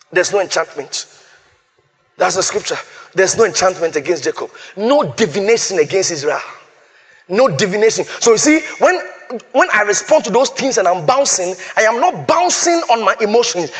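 A man preaching a sermon, quoting scripture and repeating key phrases for emphasis. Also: high voice.

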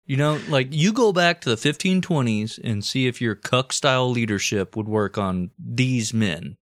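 A man co-hosting a comedic history podcast, telling the story in a crude, deadpan joking way. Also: medium pitch, normal speed, no echo, studio quality. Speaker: podcast co-host.

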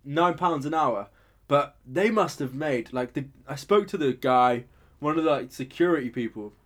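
A young man, telling stories in casual chat, sweary and animated, acting out quotes loudly. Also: medium pitch, moderate pace.

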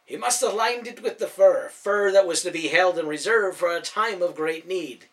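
A man voicing a gruff, commanding older man in a storybook reading, with old-fashioned formal speech. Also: sits high, moderate pace, a bit bright, pitched above the performer's own voice. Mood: stern. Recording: voice from a distance off mic.

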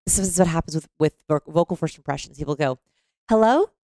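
A woman explaining things conversationally on a podcast, animated and often demonstrating voices mid-sentence. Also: low voice, fast talker, no room sound, clean studio sound.

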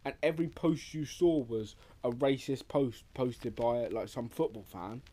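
A man's voice: medium pitch, measured pace, warm tone. Rambling man co-hosting a podcast. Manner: rambling, restarts often, swears casually. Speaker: podcast co-host. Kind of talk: casual chat.

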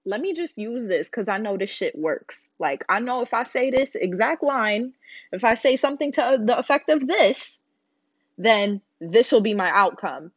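Loud, profane young woman ranting. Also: a little high, normal speed, breathy edge, no room sound, muffled recording. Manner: blunt, loud, profane, animated. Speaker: vlogger. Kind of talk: casual ranting storytime.

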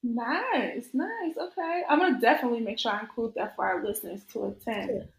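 A young adult woman hosting a casual interview, chatty and animated, laughing often. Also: on the high side, a little fast, vocal fry. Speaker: podcast host. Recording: echoey room.

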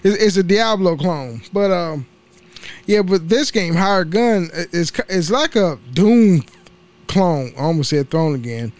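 A man's voice: sits high, lively intonation, measured pace, darkish tone. A young man hosting a casual solo podcast, rambling and swearing freely, often laughing at his own slips. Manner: rambling, profane, laughs at himself. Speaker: podcast host.

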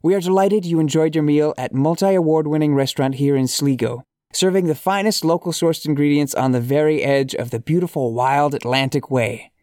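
A man's voice: a little high, a little mellow, no echo, clean studio sound, natural voice. A man voicing a prickly male Irish restaurant owner in a comic reading, putting on an Irish accent and sounding sarcastic and mock-polite.

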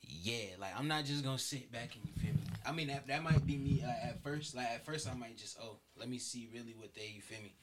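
A young man in casual chat, relaxed, often trailing off mid-thought. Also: medium pitch, fairly quick, hardly any pauses, very noisy. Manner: relaxed, keeps saying "you feel me", trails off.

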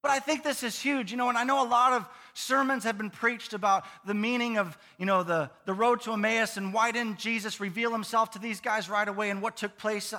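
A man preaching a sermon as pastor of a church, lively and conversational, with playful asides to the congregation. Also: high voice, brisk, few pauses. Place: church sanctuary. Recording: long reverb of a church hall.

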